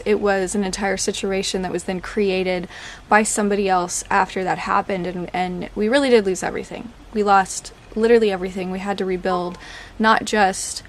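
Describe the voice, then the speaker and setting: A woman, talking candidly as a podcast host, chatty and laughing through dark jokes. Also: mid-range voice, a little hiss or hum. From Oklahoma. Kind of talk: casual personal talk.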